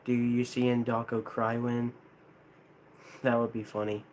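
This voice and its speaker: A man's voice: mid-range voice, flat delivery, measured pace, a little mellow, a little hiss or hum. A young American man rambling casually to a live chat, hesitant, with many restarts. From United States. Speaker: streamer.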